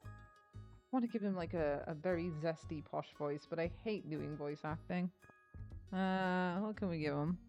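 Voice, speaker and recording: A woman's voice: fairly low pitch, normal speed, soft background music. A woman streamer chatting casually with her viewers, bubbly and welcoming. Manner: bubbly, chatty, greets chat warmly. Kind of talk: casual live-stream chat.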